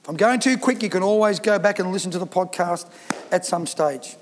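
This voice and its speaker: High-voiced man preaching in a reverberant hall. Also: a little fast, a little hiss or hum. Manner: emphatic preaching, reads scripture aloud. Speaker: pastor. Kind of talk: sermon.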